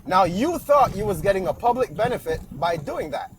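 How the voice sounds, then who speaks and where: Guy with a high voice telling stories from his own life, does the voices, faint noise behind. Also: normal speed, poor audio. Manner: animated, acts out both sides of stories. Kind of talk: casual debate, telling personal experience.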